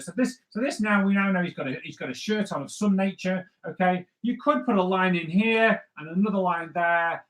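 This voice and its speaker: Male comics artist, slightly high voice, loose jokey drawing tutor. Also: fairly bright tone. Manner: chatty, rambling, with jokey asides. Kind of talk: live drawing lesson.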